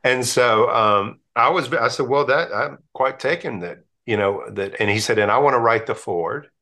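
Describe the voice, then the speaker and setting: A man's voice: mid-range voice, normal speed, bright, forceful tone. A middle-aged man, a priest and guest, telling stories in casual conversation with frequent restarts. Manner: chatty storyteller, many restarts and laughs.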